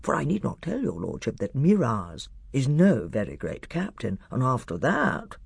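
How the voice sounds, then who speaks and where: A man voicing a sly, cautious Telmarine lord in an audiobook, speaking in a measured, gravelly way. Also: mid-range voice, huge pitch swings, no room sound, studio quality, heavily acted. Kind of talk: audiobook character voice.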